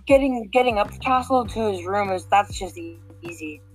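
A woman's voice: medium pitch, moderate pace, soft background music, rough recording. A woman guiding listeners through a game mission in casual, rambling chat, full of fillers and restarts. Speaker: game walkthrough guide.

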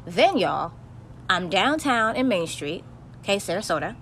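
A young woman hosts a podcast, ranting bluntly and profanely through a casual, heated storytelling monologue. Her medium-pitched voice swings widely in pitch, stays unhurried and a bit bright, over slight background noise.

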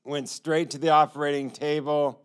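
A man's voice: fairly high pitch, flat delivery, normal speed, clean tone. A man telling his personal testimony in an earnest storytelling manner, acting out the lines of others. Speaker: testimony speaker.

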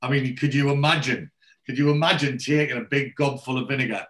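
A man's voice: medium pitch, a little fast. Man animatedly retelling a TV episode. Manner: lively storyteller, mimics characters' lines, swears casually.

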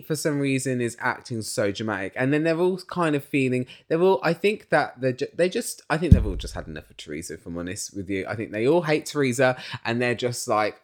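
A young man hosting a podcast, chatting casually and bluntly, often acting out quotes in his recap. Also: mid-range voice. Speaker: podcast host. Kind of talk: casual opinionated recap chat.

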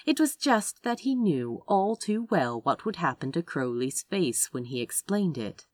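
A woman reading a romance story aloud as narrator, with expressive delivery. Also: measured pace, few pauses, dry recording. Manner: expressive narration with wide pitch swings. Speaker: audiobook narrator.

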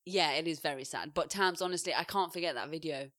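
Lively woman telling stories. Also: sits low, fast talker, no echo, studio quality. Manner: animated storyteller, acts out quotes loudly. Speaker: podcast co-host. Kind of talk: casual chat.

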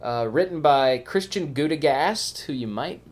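A man's voice: fairly high pitch, animated, unhurried. A man in his thirties co-hosting a film podcast in casual chat, joking, swearing and laughing often. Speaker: podcast co-host.

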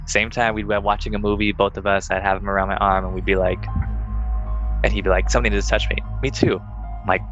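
Bright-voiced man telling a story. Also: fairly low pitch, fast talker, lo-fi sound, soft background music. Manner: animated, acts out quoted dialogue. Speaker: podcast co-host. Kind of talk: casual storytelling.

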